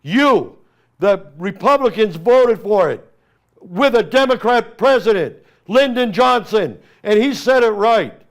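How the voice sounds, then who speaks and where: A man's voice: sits high, expressive, a little slow. A middle-aged Armenian American man, a congressional candidate hosting a talk show, giving an emphatic, impassioned political monologue and addressing opponents directly.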